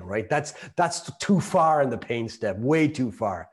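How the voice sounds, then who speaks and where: A man's voice: medium pitch, lively intonation, moderate pace, hardly any pauses. A man in middle age runs a sales training session. He talks in a chatty, storytelling way, laughs along as he goes, and slips into little acted voices for the people he quotes. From Ireland. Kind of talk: lecture to a live group.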